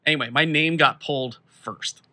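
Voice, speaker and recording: A young man co-hosting a casual podcast, telling a rambling, animated story and laughing often. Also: fairly high pitch, moderate pace. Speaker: podcast co-host. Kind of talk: casual chat, played as an old episode clip.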